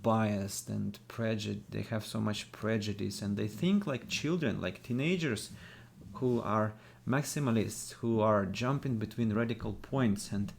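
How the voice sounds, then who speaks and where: A man's voice: lowish voice, a little slow, vocal fry, a little hiss or hum. A man streaming a game, reading text aloud and ranting with frequent restarts. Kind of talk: live-stream gameplay commentary.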